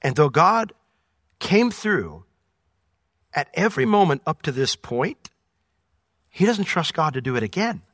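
A man teaching through a Bible passage verse by verse, swinging between loud emphatic points and quiet asides. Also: on the high side, big pitch swings, measured pace, pauses often, no room sound, clean studio sound. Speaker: pastor.

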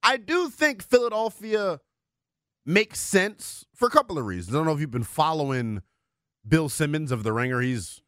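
A man's voice: normal speed, dry recording. A man co-hosting a sports radio show, talking animatedly and firing off rhetorical questions in a studio. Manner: animated, swings from loud to low, rhetorical questions. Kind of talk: sports talk radio banter.

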